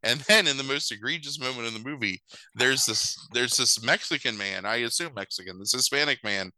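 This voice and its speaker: A man's voice: mid-range voice, a little fast, no room sound, poor audio. A man co-hosting a podcast, telling a movie plot in a casual, sarcastic and profane way. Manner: animated, profane, sarcastic storytelling. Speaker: podcast co-host. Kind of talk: casual chat recapping a movie.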